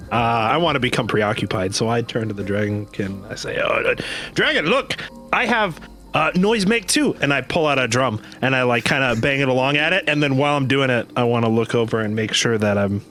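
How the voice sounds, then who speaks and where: A man's voice: medium pitch, fairly quick, a bit bright, faint music behind. A man taking his turn as a player in a tabletop game, goofy and playful. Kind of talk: tabletop role-play.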